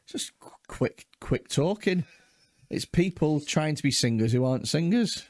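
A young man, a comedian co-hosting a podcast, telling sweary stories in an animated, chatty way. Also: on the high side, a little slow, no echo. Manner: animated storyteller, sweary, acts out others' voices. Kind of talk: casual chat.

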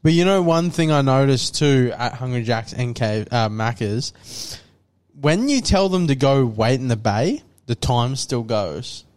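A young Australian man with a mid-range voice speaking at an ordinary pace. He chats in a relaxed, easygoing way on a casual podcast and drops the odd swear word as he goes. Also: mid-range voice, unhurried. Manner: relaxed, chatty, swears in passing. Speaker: podcast co-host.

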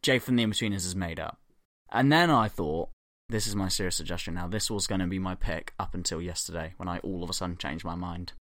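A man's voice: low voice, fast, a bit bright, no echo, studio quality. Male podcast host, thirties, casual, rambling, swears a lot. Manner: rambling, laughing, swearing storyteller. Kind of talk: casual chat.

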